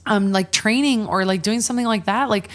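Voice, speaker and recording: A woman's voice: mid-range voice, brisk. A woman hosting a podcast, chatting casually and candidly, swearing freely and speaking with animation, with a touch of hiccups. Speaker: podcast host. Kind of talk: casual chat.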